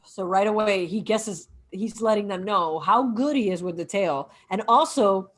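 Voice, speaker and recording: A woman co-hosting a casual podcast about a film, talking animatedly and acting out the characters' lines in quick bursts. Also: mid-range voice. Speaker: podcast co-host. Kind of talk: casual film discussion over drinks.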